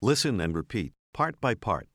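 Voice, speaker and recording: A man narrates a language lesson in a clear, measured way. His voice sits fairly low but rises and falls a great deal. The recording is dry and close. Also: very animated, a bit bright, no echo. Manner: clear, measured teacher's delivery. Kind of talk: scripted instructional narration.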